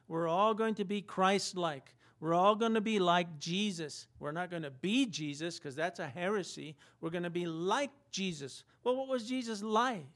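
A man's voice: high voice, a bit bright. A man preaching a sermon in a conversational style, asking rhetorical questions and acting out quotes. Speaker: pastor.

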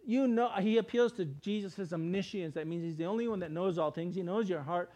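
A man with a high-pitched voice preaching a sermon. He talks in a casual, emphatic way and often slips into quick acted voices for the people in his stories. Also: mellow. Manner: conversational, emphatic preaching with plain everyday words.

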